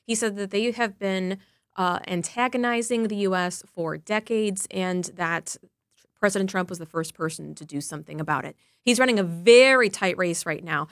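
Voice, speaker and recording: A woman reporter chats on air, telling her story in a lively, chatty way. Her voice sits in a middle range. The sound is dry and close, with no room around it. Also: medium pitch, moderate pace, no echo. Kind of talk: casual on-air chat.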